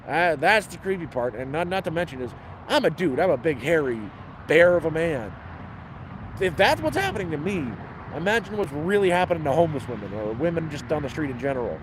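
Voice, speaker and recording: A man's voice: a little high, big pitch swings, a little fast, a little hiss or hum, poor audio. A man telling stories in blunt, profane, casual chat, outdoors by a city street. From Canada. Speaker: homeless vlogger answering questions. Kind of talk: casual storytelling.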